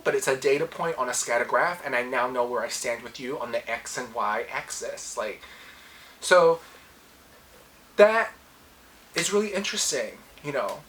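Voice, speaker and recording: A woman's voice: rumbling low, a bit bright, a little hiss or hum, rough recording. A woman hosting a casual solo podcast, telling a personal story with animation and acting out her own past lines. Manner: reflective, self-coaching tone. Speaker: podcast host.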